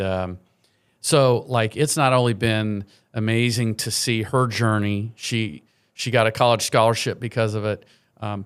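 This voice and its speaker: A middle-aged man, a charity program leader, telling earnest, heartfelt stories as a guest on a morning TV interview in a studio. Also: fairly low pitch.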